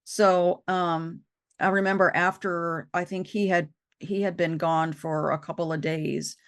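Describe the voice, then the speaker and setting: A woman talking about losing loved ones, halting and repeating herself as she tells it. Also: fairly low pitch, little pitch movement. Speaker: co-host. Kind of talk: emotional personal conversation.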